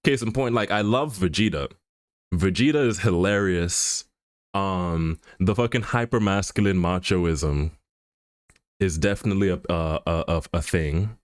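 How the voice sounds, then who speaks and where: A man's voice: low-pitched, measured pace, dry recording, studio quality. A man chatting on a live stream in a rambling, joking way, full of fillers and restarts, often laughing. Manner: laughs often while talking. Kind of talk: casual chat on a live stream.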